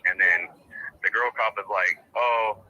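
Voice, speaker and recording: A man's voice: sits low, fairly even intonation, quick pace, bright, forceful tone, slightly rough, lo-fi sound. A man calling in, telling his story in a rambling, agitated way and swearing often. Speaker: caller. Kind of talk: emotional phone call.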